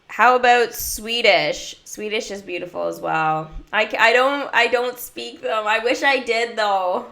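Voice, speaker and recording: A woman's voice: on the high side, a little slow, creaky, bright, forceful tone. A woman chatting casually during a mobile game livestream, giggling often and answering her viewers' chat.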